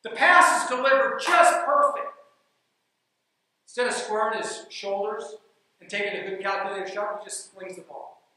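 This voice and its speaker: Bright-voiced coach, echoey and distant. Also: male voice, high voice, normal speed. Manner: animated, builds suspense in anecdotes. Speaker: basketball coach. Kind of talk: storytelling speech. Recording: echoey room, mic from far off.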